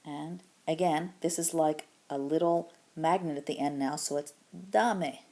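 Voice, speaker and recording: A woman teaching a grammar lesson, explaining patiently step by step and modeling example phrases slowly. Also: low-pitched, mellow. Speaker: Spanish teacher.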